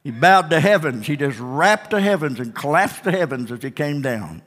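A man's voice: on the high side, lively intonation, normal speed, fairly bright tone, long reverb tail. A male pastor preaching a Sunday night sermon, emphatic and repetitive, with whooping exclamations.

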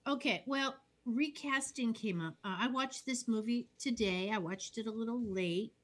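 A woman's voice: fairly high pitch, normal speed, a bit bright. A woman co-hosting a casual podcast chat, telling stories animatedly with quoted asides. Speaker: podcast co-host.

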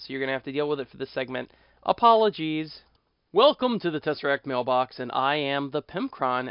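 A man's voice: on the high side, dry recording, lo-fi sound. A man hosting a podcast, chatting casually and thinking aloud with fillers. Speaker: podcast host.

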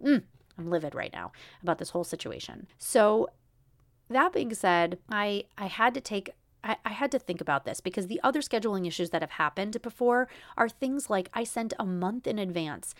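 A woman's voice: mid-range voice, animated, moderate pace, no room sound, clean studio sound. A woman in her thirties hosting a solo podcast, venting in a frustrated way with many restarts. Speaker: podcast host.

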